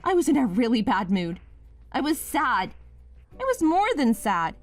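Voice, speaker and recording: A woman's voice: fairly high pitch, very animated, measured pace, soft background music. A woman playing a wronged, furious wife. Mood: accusing. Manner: pleading, then accusing and sharp. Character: wife Mia, wounded then furious. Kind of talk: scripted drama voice acting.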